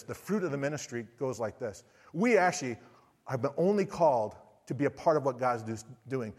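A man giving a sermon, telling a missionary story animatedly and closing in prayer. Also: mid-range voice. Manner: animated storytelling, quoting others in voices. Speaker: missionary preacher. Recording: long reverb in a hall.

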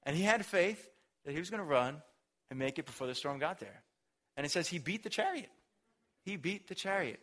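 High bright-voiced young preacher. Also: male voice, animated, brisk, pauses often. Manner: casual slangy preaching with acted voices. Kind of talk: lively sermon storytelling.

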